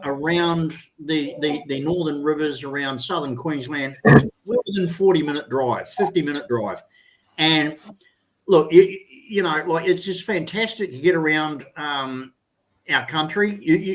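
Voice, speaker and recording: A man's voice: on the high side, fairly bright tone. An Australian man in his sixties, a guest in a casual chat, talking in a rambling, enthusiastic way and swearing freely.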